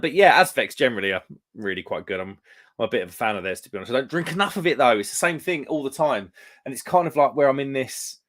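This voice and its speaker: Chatty rambling young British man. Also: medium pitch. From United Kingdom. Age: young adult. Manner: rambling, chatty, lots of fillers and restarts. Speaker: live stream host. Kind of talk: casual chat with live chat viewers.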